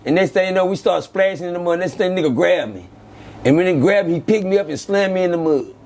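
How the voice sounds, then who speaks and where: Guy telling wild old street stories, kinda high voice, does the voices, bit of noise behind. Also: quick pace. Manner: animated, acts out quoted voices with sudden pitch jumps. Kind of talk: casual storytelling.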